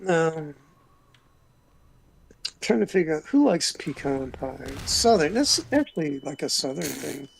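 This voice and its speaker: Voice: medium pitch, big pitch swings, measured pace, vocal fry, pauses often, breathy edge. A player chatting casually over voice chat during a game, rambling in offhand asides. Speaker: gamer. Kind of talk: casual chat while gaming.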